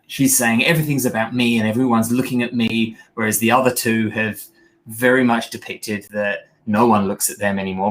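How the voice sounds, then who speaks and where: A man co-hosting a podcast, reviewing a show in casual chat, rambling with many pauses and restarts. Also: fairly low pitch, fairly bright tone. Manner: mimics characters in quoted lines. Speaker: podcast co-host.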